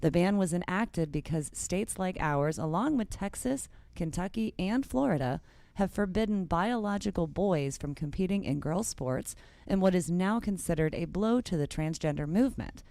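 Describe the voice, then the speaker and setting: Woman, news co-host, gravelly, dry close sound. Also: fairly low pitch, lively intonation, moderate pace, dark tone, dry recording. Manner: laughs often, light reactions. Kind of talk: news reading with banter.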